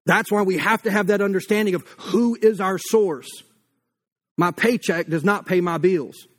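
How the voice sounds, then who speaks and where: A man in his thirties delivers a sermon in a high, light voice. His preaching is blunt and conversational, with humorous asides and little acted-out quotes. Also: normal speed. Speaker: pastor.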